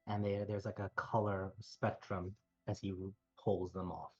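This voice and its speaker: A man narrating as game master of a tabletop role-playing game, laughing often and slowing down for gentle in-character speeches. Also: low voice, little pitch movement, breathy edge, dull audio, soft background music.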